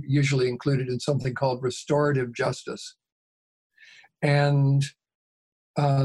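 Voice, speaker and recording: Man, husky voice, interview guest, calm measured storytelling, mediator. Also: medium pitch.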